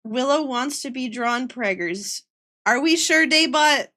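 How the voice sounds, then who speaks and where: Young female streamer, casual chat over art. Bright, unhurried delivery, playful. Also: high voice, lively intonation. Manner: playful and giggly, chatting to viewers. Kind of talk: casual livestream chat while drawing.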